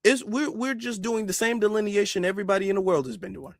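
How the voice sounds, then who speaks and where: A man's voice: sits high, quick pace, slight background noise. A man ranting as a commentary vlogger, exasperated, who keeps asking "okay?" to drive his points home. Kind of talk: opinion rant.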